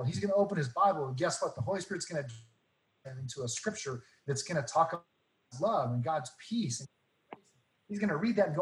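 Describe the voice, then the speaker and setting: A man telling faith stories in casual talk, earnest and animated, acting out the dialogue. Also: fairly high pitch, fairly quick, reverberant, poor audio. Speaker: guest.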